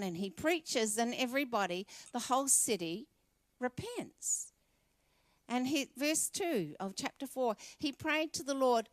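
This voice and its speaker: An Australian woman pastor gives a sermon in a fairly high voice. She talks to the congregation directly and conversationally. The sound is dry and close, with little room echo. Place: church.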